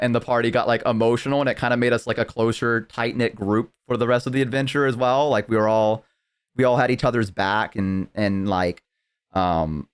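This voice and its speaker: A young man with a smooth, resonant voice and a middle pitch chats casually on a live stream. He rambles through a story and keeps saying "like" and "um" as he goes. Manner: rambling storytelling with many fillers. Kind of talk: casual chat.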